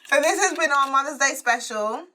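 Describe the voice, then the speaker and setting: South london woman cohost, bright sharp voice, playful jokey. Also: high-pitched, moderate pace, a little hiss or hum. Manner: playful, laughing, wraps up the show. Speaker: co-host. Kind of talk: casual podcast chat.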